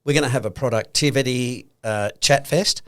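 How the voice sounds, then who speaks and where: An Australian man co-hosts a relaxed podcast conversation about money. He builds his argument step by step and often plays out imaginary exchanges to make a point. His voice sits at an ordinary middle pitch for a man. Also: moderate pace. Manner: explains points through acted-out hypothetical conversations. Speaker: podcast co-host. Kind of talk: casual chat.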